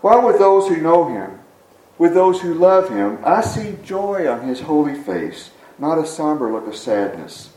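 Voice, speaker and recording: A man's voice: fairly high pitch, sing-song, unhurried, a little mellow. A man preaching a sermon, reading scripture and telling an anecdote in an earnest storytelling delivery. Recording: echoey room, mic at a distance.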